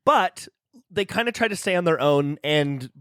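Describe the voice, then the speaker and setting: A man's voice: fairly high pitch, animated, normal speed, a bit bright, no room sound, clean studio sound. A man co-hosting a casual podcast, explaining folklore in a playful, loose way with laughs. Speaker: podcast co-host. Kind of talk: casual chat with lore explanation.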